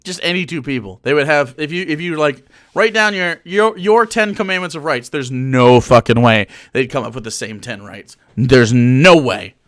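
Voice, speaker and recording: Male streamer, exasperated and profane, animated delivery with a sharp, bright tone. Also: medium pitch, normal speed, hardly any pauses. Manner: profane, exasperated, laughing mid-rant. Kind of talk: ranting reaction stream.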